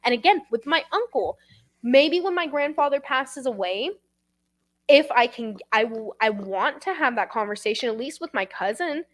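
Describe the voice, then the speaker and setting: A woman's voice: on the high side, animated, normal speed. Emotional, swearing young woman host. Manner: emotional, profane, rambling. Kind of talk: candid casual interview.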